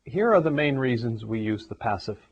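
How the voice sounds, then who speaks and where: A man's voice: mid-range voice, lively intonation, fairly quick, breathy edge. A man teaching a grammar lesson, walking through numbered examples one step at a time. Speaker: English teacher. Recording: dull lo-fi recording.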